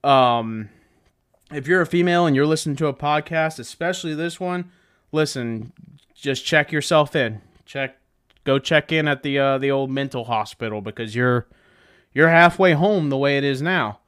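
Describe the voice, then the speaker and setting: A man's voice: mid-range voice, moderate pace, a bit bright, clear, resonant tone. A man hosting a podcast, ranting sarcastically and swearing constantly, with bursts of mocking voices. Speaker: podcast host. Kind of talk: profane comedic rant. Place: in a truck.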